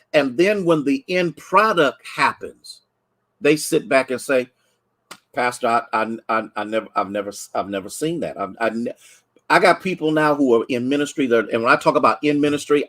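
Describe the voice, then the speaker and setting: A man from Ohio preaching a midday Bible study to viewers online, in an even, mid-pitched voice. He talks in a loose, conversational way, greeting people by name and circling back over his own phrases. At times he is close to tears. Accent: Ohio, Midwestern American. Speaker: pastor. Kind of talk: livestreamed noon Bible study sermon.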